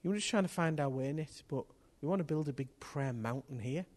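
A man's voice: a little high, fairly quick. Impassioned male preacher. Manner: impassioned, rising to loud outbursts. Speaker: pastor. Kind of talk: sermon. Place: church hall with congregation.

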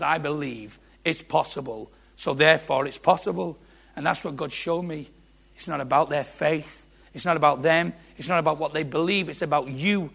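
Gravelly preacher man. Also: a little high. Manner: impassioned, repetitive, rising to shouts. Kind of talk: sermon.

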